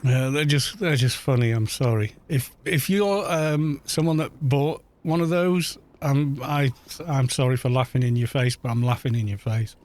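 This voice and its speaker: A man chats casually over a game livestream, ranting with scornful disbelief. His voice sits at an ordinary middle pitch. He rambles and often starts over in the middle of a sentence. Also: normal speed, few pauses, a little mellow. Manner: incredulous, mocking rant; rambling, with restarts and fillers. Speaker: game streamer. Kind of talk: casual livestream chat while gaming.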